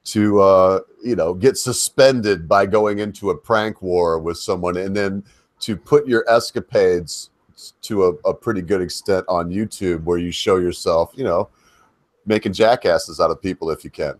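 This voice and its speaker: Older-ish host guy, lowish voice, rambles and cuts himself off, dry sound. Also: normal speed, dry recording. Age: middle-aged. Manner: meandering, self-interrupting questions and rants. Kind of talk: casual chat.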